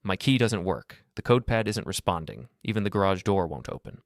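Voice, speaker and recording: Frantic grown woman as a male narrator puts her on, raised pitch, urgent. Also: expressive, fairly quick, vocal fry, no room sound, clean studio sound. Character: panicked wife, grown woman, demanding.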